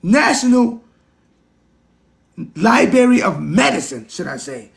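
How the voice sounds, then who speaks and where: A man's voice: very high-pitched, very animated, slow, creaky, crowd noise. A man hosting a casual livestream, talking to his chat in an emphatic, repetitive way. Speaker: livestream host.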